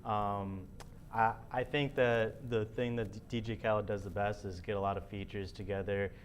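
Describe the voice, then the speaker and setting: A young man co-hosting a casual music commentary show, talking in a relaxed, rambling way with many fillers. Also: on the low side, normal speed, slight background noise. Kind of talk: casual chat.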